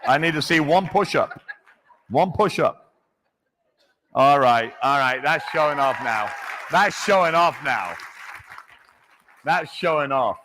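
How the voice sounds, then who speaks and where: A man working as a chef, joking with and encouraging audience members in a casual, animated way. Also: on the high side, slow, pauses often, crowd noise, noisy background. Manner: jokey and encouraging, with restarts. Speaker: chef answering audience questions. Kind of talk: casual, animated conversational talk. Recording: echoey hall.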